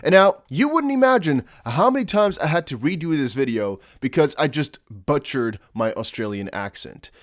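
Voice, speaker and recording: Animated, chatty crypto vlogger man. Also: a little high, moderate pace, hardly any pauses, no room sound, studio quality. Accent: American-ish. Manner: chatty, rambling, jokey asides. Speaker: crypto YouTuber. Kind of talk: casual crypto vlog.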